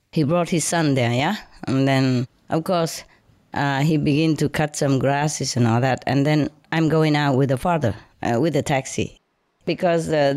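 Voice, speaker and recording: A woman telling a story casually in non-native, broken English, animated and often laughing. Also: sits low, dry recording, studio quality.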